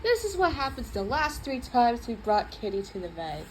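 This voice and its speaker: A woman reading a children's book aloud in an expressive, playful way. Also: on the high side, normal speed, a little hiss or hum, rough recording. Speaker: storybook reader.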